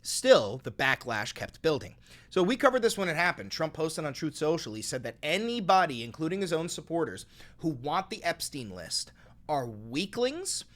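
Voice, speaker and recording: A man's voice: fairly high pitch, moderate pace. A man hosting a live-streamed political commentary show, reading news stories aloud and riffing on them with profanity. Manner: animated, profane, reads news aloud then riffs.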